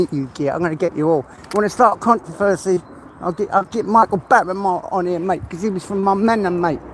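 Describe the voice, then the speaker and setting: Chatty man, fairly high voice. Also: fairly quick, a little hiss or hum. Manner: chatty, swears freely, laughs often. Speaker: livestream host. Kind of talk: casual live chat while walking. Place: outdoors on a walk.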